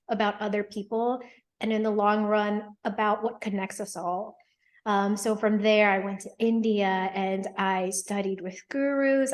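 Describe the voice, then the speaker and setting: A woman in her thirties, an attorney and hypnotherapist, earnestly telling her personal story in a thoughtful, reflective interview. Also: medium pitch. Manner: earnest, thoughtful, with frequent ums and quoted inner thoughts.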